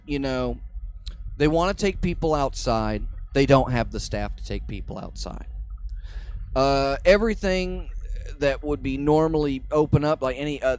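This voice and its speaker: A man hosting a comedy podcast, telling a story in an animated way, swearing freely and acting out what people said. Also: medium pitch. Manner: animated, swears freely, acts out quotes loudly.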